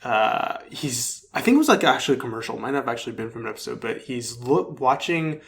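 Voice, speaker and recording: A man's voice: medium pitch, animated, fast, gravelly, a bit bright. A young man co-hosting a podcast, chatting casually and easily. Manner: easygoing, with lots of short agreeing replies. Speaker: podcast co-host. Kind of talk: casual chat.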